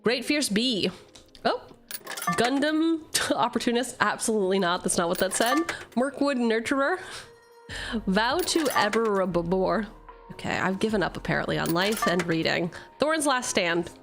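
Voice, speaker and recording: A woman streaming a card pack opening with profane, sarcastic, animated casual chat. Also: mid-range voice, normal speed, music in the background. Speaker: vtuber opening card packs.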